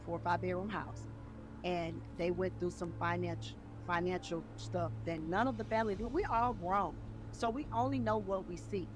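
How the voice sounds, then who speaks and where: A woman's voice: lowish voice, fairly even intonation, normal speed, music in the background. A woman in an interview, earnestly retelling events in plain, everyday speech. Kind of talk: interview recollection.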